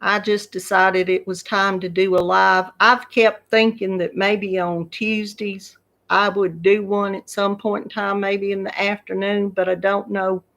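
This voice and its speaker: A Southern woman in her fifties talks unhurriedly to her viewers, drawing out her words in a relaxed, homey ramble. Her pitch sits in an ordinary middle range, and she breaks into laughter easily between stories. The live-stream talk is loose and unscripted. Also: a little slow, vocal fry. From Georgia, USA. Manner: chatty, laughs often, drawling. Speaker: YouTube craft channel host. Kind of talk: casual live-stream chat.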